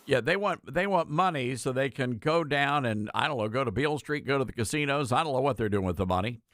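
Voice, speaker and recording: A man's voice: mid-range voice, expressive, a bit bright, no echo, studio quality. A man hosting a talk radio show, giving sarcastic, indignant commentary and taking calls. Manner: sarcastic, indignant, quick asides.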